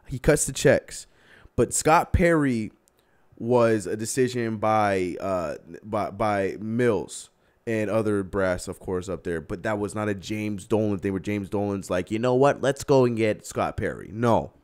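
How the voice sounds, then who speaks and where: A young man hosting a casual live sports stream, animated and exasperated, often laughing. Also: lowish voice, measured pace. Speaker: podcast host.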